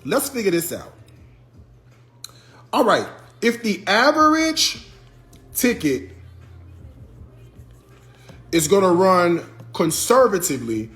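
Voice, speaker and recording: A man's voice: high-pitched, big pitch swings, slow, pauses often, fairly bright tone, faint music behind. A man livestreaming casually to his viewers, talking through costs and scolding the chat with exasperation, calling them y'all and child. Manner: southern US vernacular, addresses viewers as y'all and child. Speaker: livestream host.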